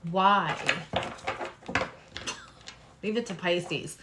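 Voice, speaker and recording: A woman doing a live-stream tarot reading, talking to her viewers with lively exclamations and asides. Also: lowish voice, measured pace, background noise. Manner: animated, talks to viewers, exclamations. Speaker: tarot reader.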